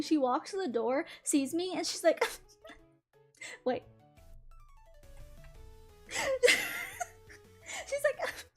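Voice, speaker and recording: Chatty young woman telling a story. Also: high-pitched. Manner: chatty, fillers of "like", quick retelling with laughs. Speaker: channel host. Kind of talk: casual storytime while drawing.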